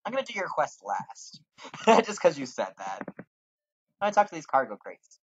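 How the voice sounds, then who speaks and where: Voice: mid-range voice, very animated, normal speed, dull audio, a little hiss or hum. A gamer giving sarcastic, jokey commentary with some swearing while playing a fantasy game. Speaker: let's play gamer.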